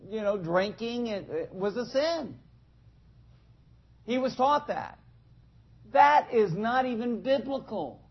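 High-voiced, slow-talking preacher man. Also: slightly rough. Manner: asks the congregation questions, acts out little scenes. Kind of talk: conversational sermon. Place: church in front of a congregation. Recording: dull lo-fi sound.

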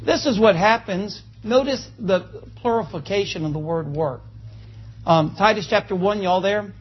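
Folksy high-voiced preacher. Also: male voice, moderate pace, slightly rough, dull audio. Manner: folksy, joking, calls for amens. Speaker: pastor. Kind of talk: sermon. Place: church.

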